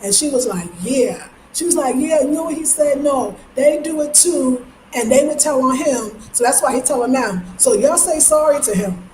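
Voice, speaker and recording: A middle-aged woman from Brooklyn talks through a casual vlog, her voice sitting a little high. She tells her stories with energy and slips into the voices of the people she quotes. The room is echoey, with faint noise underneath. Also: normal speed. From Brooklyn, New York. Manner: chatty, animated storytelling with voiced quotes. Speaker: travel vlogger. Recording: roomy echo with faint background noise.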